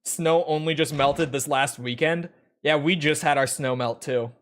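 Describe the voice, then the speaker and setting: Fairly high in pitch and fairly bright, this young man from Minnesota talks at normal speed while streaming a game in his room. His casual chat with viewers during gameplay is rambling, profane, and full of jokes.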